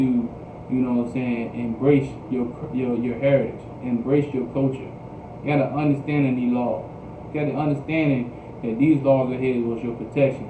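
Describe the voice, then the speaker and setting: Recorded from a distance, a mid-range-voiced preacher teaches scripture, repeating himself and frequently asking "you understand?" so the class answers back. The audio is an echoey, noisy livestream with a phone-like quality.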